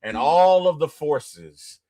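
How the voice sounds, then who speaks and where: A middle-aged man chatting as an interview host, his pitch sitting a little high and swinging widely as he talks. He gets loud and excited when he retells favourite film scenes. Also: slow, no room sound. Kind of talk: casual interview chat.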